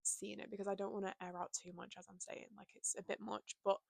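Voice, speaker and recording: A woman's voice: mid-range voice, flat delivery, fast, creaky, darkish tone, dry recording. A young woman chatting casually and openly to camera from her bedroom, full of "like" and "you know". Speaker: vlogger. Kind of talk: casual confessional chat.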